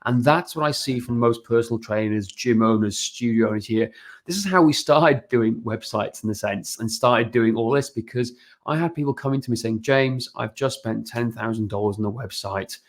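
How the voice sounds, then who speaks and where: A man with a gravelly, creaky voice at a middle pitch, speaking as an energetic podcast guest. He talks quickly and keeps checking in with tag questions as he explains things. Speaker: podcast guest, business owner. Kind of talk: casual podcast interview.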